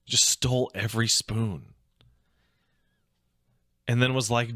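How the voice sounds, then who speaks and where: A man hosting a casual reaction show, swearing freely, laughing loudly and rambling in asides. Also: medium pitch, fairly even intonation, takes it slowly, pauses often, dry recording, studio quality. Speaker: host reacting to videos.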